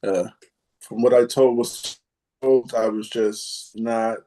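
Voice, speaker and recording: A man hosting a casual group chat, halting and full of fillers, with a sarcastic streak. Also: medium pitch, level tone, warm tone. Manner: halting, many fillers, self-described sarcastic. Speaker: podcast host.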